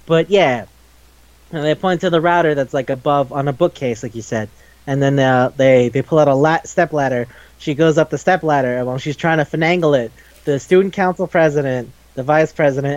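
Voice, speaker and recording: A man's voice: on the high side, dry recording, highs cut off. A young man casually recapping an anime episode, swearing often and acting out the characters' lines. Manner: animated, swears a lot, acts out characters' lines. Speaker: podcast co-host.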